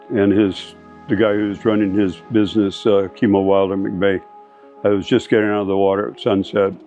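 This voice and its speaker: With a lowish, dark-toned voice, this Californian surfer and board shaper in his seventies rambles through old anecdotes. The reminiscing interview comes through dull lo-fi audio, with faint music underneath.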